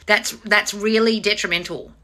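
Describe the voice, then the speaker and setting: A woman with a mid-range voice at a moderate pace hosts a live stream as a manifestation coach. She fields viewer comments bluntly, swearing a lot, teasing her audience head-on with animated energy and plenty of mocking put-on voices.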